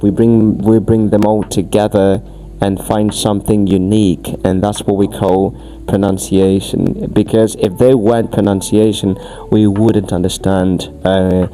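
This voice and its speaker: A man's voice: fairly low pitch, level tone, measured pace, dark tone, a little hiss or hum. A man, an English teacher explaining at length on a podcast, emphatic and often restarting his phrases. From Angola. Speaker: English teacher being questioned.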